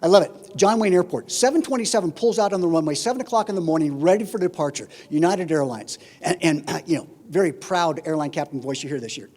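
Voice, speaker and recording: A man's voice: a little high, quick pace, hardly any pauses. A man, a flight instructor, giving a humorous speech at a conference, telling comic stories. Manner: animated comic storyteller. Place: conference hall. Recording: reverberant conference hall.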